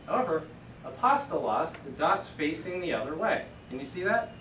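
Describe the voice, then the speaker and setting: A man's voice: a little high, very animated, moderate pace, background noise. A man teaching Greek to a class, explaining patiently step by step in a casual lecture. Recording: echoey classroom from a distant camera.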